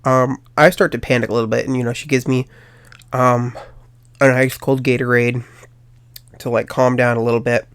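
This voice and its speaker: A man's voice: medium pitch, flat delivery, normal speed, long pauses, a bit bright, smooth, dry recording. Rambling young man telling a story. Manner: rambling, many ums, quotes others in dialogue. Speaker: podcast host. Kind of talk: casual storytelling.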